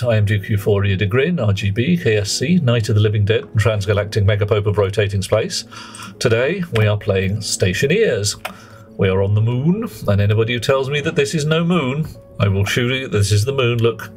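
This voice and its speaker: A man's voice: on the low side, darkish tone. A man streaming a game live, chatting in a jokey, rambling way and greeting viewers between explanations.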